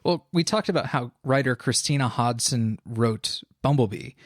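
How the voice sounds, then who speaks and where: A man's voice: medium pitch, normal speed, no echo, studio quality. A man co-hosting a film podcast, recommending movies in an enthusiastic, casual way. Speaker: podcast co-host. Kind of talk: casual film review chat.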